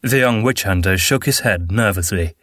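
A man narrating a fantasy audiobook in a steady, measured way. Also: fairly low pitch, dry recording, studio quality. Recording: narration with faint background music.

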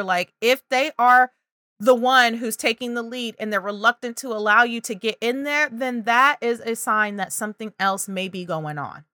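A woman's voice: a little high, pushed and bright, no echo. A woman talking parents through early reading and language signs, acting out child and parent voices now and then. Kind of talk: parenting advice video.

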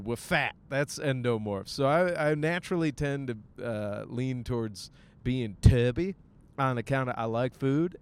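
A man's voice: medium pitch, clear, resonant tone. A man hosting a podcast, rambling casually from his car as he drives. He makes self-mocking jokes and swears a lot. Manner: jokey and self-mocking, with frequent swearing and silly voiced asides. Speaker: podcast host. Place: in a car while driving.

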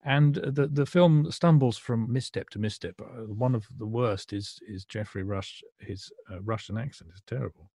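Husky, wry man. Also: mid-range voice, warm tone, no echo, clean studio sound. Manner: measured, wry, hesitant. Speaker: podcast co-host, critic. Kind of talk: casual critical chat.

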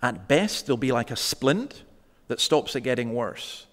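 A man's voice: medium pitch, lively intonation, a bit bright. Conversational male preacher in a reverberant hall. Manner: conversational preaching, slows for emphasis. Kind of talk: sermon.

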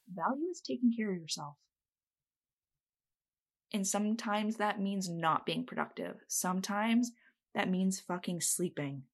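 Blunt, feisty woman giving casual advice. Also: medium pitch. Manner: blunt, swears freely; feisty, emphatic. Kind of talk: casual self-help talk to camera.

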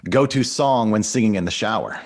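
Upbeat guy hosting, laughs a lot, low voice that moves around a lot. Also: lively intonation. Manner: upbeat, laughs often, brisk quiz questions. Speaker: podcast host. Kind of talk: casual interview.

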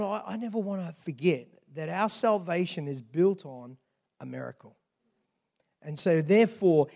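A man with an Australian accent, preaching as a guest pastor and joking with the congregation. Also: high voice. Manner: jovial, banters with the congregation. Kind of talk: sermon. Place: church hall with long reverb. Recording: echoey church hall.

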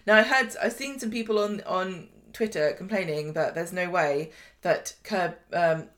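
A podcast co-host with a lowish, slightly bright voice chats casually at a moderate pace. She recaps soap scenes, quoting the characters' voices as she goes.

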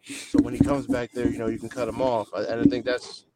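A football player being interviewed remotely, answering in a measured way with lots of "I mean". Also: male voice, medium pitch, flat delivery. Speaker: guest, pro football player. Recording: noisy remote call, choppy.

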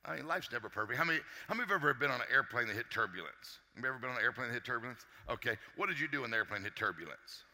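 A man giving an energetic motivational talk to a live audience as a success coach, joking and quizzing the crowd. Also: mid-range voice, rapid-fire, few pauses, big-room sound. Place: large hall with a live audience.

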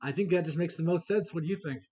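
A man's voice: fairly high pitch, fast, warm tone, slightly rough. A man hosting a podcast, casual and jokey, reading a sponsor spot and laughing often. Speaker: podcast host.

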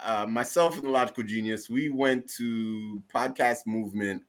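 A man's voice: fairly low pitch, normal speed. A man co-hosting a podcast in casual chat, laid-back and joking, often repeating his phrases. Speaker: podcast co-host.

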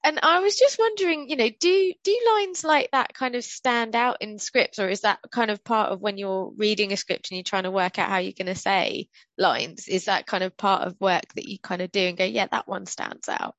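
A woman's voice: medium pitch, moderate pace, hardly any pauses, fairly bright tone, dry recording. A woman host asks guests about their roles, effusive and keen. Her audio is dull and lo-fi. The sound is completely dry, with no room in it. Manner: enthusiastic, effusive questions. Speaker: podcast host. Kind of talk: casual podcast interview.

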